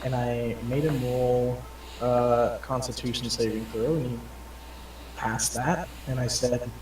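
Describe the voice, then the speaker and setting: A man playing a tabletop game tells a crude, rambling story packed with profanity, acting out the other characters' voices. His mid-range voice is steady, slow and a little mellow. The recording sounds roomy and distant, with clear background noise.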